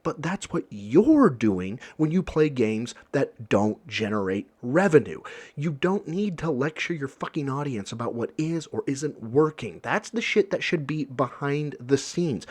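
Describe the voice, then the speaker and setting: A man's voice: mid-range voice, animated, unhurried, breathy edge. A man giving blunt, sarcastic reaction commentary, lecturing with profanity.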